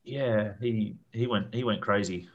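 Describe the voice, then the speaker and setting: A man's voice: on the low side, a little slow, highs cut off. A man, telling a long, rambling camping story in a casual chat, with lots of fillers and repeated words.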